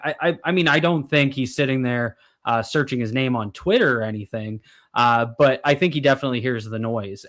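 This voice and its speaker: Man, sports podcast co-host, medium pitch, blunt, stop-start talk. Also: fairly bright tone. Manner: blunt, frank, halting restarts. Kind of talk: casual sports roundtable chat.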